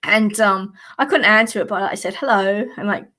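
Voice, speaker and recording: A woman's voice: medium pitch, a little fast, pushed and bright. An Australian woman, a psychic, chatting casually on a live stream in a blunt, sweary way and often laughing.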